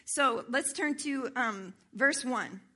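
A woman's voice: high-pitched, slow pace. A woman worship pastor preaching, reading scripture aloud and explaining it, checking in with her listeners as she goes. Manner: animated, asks the congregation for agreement.

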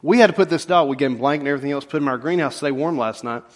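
A man's voice: fairly high pitch, racing. A man preaching a casual, storytelling sermon, joking and talking straight to the congregation. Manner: folksy, joking, animated asides to the congregation. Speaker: pastor. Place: church sanctuary.

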